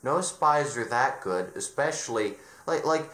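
A man's voice: mid-range voice, expressive, a little slow, fairly bright tone. Exasperated man ranting, echoey room. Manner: exasperated, sarcastic, frequent restarts. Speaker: video reviewer. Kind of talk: ranting commentary. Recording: roomy echo.

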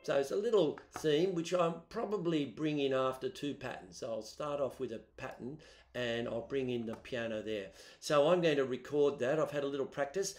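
A man teaching students, explaining music software step by step in a chatty way on a laptop microphone. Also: medium pitch, normal speed. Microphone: built-in laptop microphone. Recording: roomy echo.

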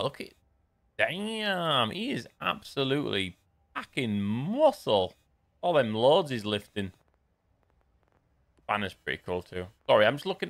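A man's voice: medium pitch, fairly bright tone. A young man chatting casually and rambling with jokey asides while live-streaming a shooter game.

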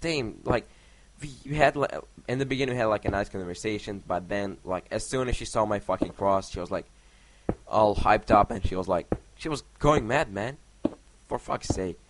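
A young gaming vlogger with a fairly low-pitched voice rambles through a casual story as he plays, speaking at a moderate pace. He curses often and mutters block counts under his breath, all on a noisy home mic recording.

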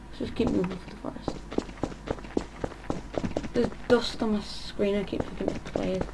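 A woman hosting a gaming channel gives casual commentary on her gameplay, thinking aloud and often trailing off mid-sentence. Her voice is medium-pitched and creaky, with a steady tone, a moderate pace and long pauses. Background noise is audible in the recording.

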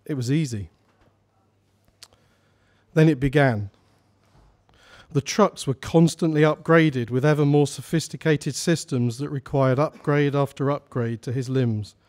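A man reading his short story aloud at a live salon, narrating at a steady, measured pace. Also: medium pitch.

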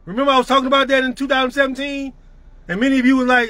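A man's voice: very high voice, little pitch movement, rapid-fire, sharp tone. A middle-aged man giving a profane, emphatic motivational rant to his network marketing team.

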